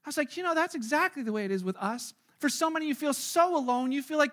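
A man's voice: extremely high pitch, fast talker, few pauses, fairly bright tone. A middle-aged man, a pastor, giving a casual, conversational sermon and acting out the voices of the people he quotes.

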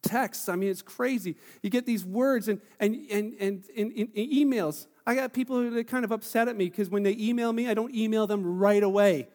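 Male pastor, high-pitched and lively, casual restarts, preaching in a reverberant church hall. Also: moderate pace, few pauses. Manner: animated, acts out quoted voices; conversational with frequent restarts. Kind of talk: sermon.

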